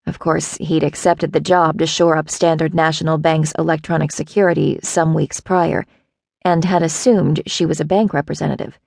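A woman narrating an audiobook in a wry, even storytelling manner. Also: low voice, normal speed, vocal fry, no echo, clean studio sound.

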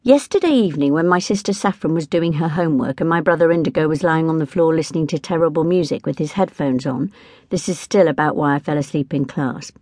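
A woman's voice: deep voice, quick pace, dry recording, studio quality. Woman narrating a children's audiobook. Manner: lively, expressive first-person storytelling.

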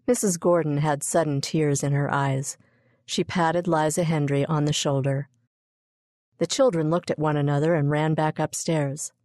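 Audiobook narrator, woman, low and measured, dry studio sound. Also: steady tone, darkish tone, no room sound. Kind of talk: scripted children's book narration.

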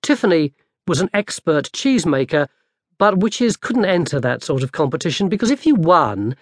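A man narrating an audiobook in a lively, dry storytelling manner. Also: a little high, normal speed, no room sound. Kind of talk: scripted narration.

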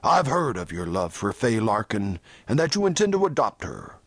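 An audiobook narrator voicing a stern, curt male church elder who gives commands, with lively pitch in a dry recording. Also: normal speed, no echo.

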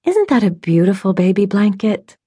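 A woman's voice: mid-range voice, sing-song, moderate pace, warm tone, breathy edge, no echo, studio quality, pitched above the performer's own voice. A woman voicing a friendly adult woman who owns a yarn shop, chatty, upbeat and reassuring, in an audiobook.

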